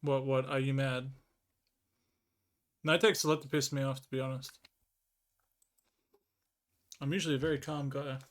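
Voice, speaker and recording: A man streaming live while writing a book, answering chat in a relaxed, joking way. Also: medium pitch, moderate pace, long pauses. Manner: laid-back, answers chat, jokey. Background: keyboard typing and clicking.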